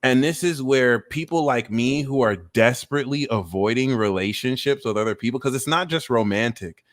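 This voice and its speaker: Man, astrology livestream, casual, profane, self-mocking, animated, webcam mic at home. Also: normal speed. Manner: animated, swings into high squeaky mock voices and self-mocking rants; profane, laughing at himself. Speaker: astrology reader and streamer.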